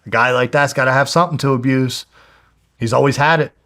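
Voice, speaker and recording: A man in his twenties from New Jersey, a fighter telling a personal story in a candid, animated way, swearing heavily and acting out the people he quotes. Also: medium pitch, fast. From New Jersey, USA. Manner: heavy swearing, animated retelling with quoted voices. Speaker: guest, pro fighter.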